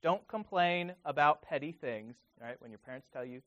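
A man's voice: on the high side, normal speed, muffled recording. A man preaching a sermon to his congregation, reading scripture aloud in an earnest manner. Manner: earnest, reads scripture aloud with rising emphasis.

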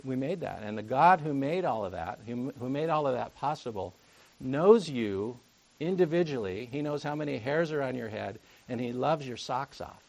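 A man's voice: medium pitch, expressive, normal speed, vocal fry, a little mellow. A man preaching a conversational sermon, full of jokey asides and rhetorical questions to the congregation.

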